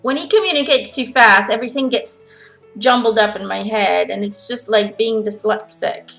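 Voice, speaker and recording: Woman, spiritual Q&A host, bright higher voice, chatty and giggly. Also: normal speed, creaky, soft background music, low-quality recording. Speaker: spiritual medium answering follower questions. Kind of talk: casual channeled Q&A monologue.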